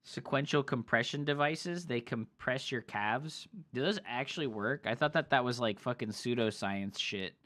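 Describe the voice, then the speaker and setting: A male streamer casting a match in a loose, profane, excitable style. His voice is bright and forceful, with a tense edge that cuts through the chatter. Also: medium pitch, normal speed, few pauses. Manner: swears a lot, loose and excitable. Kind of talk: casual game commentary.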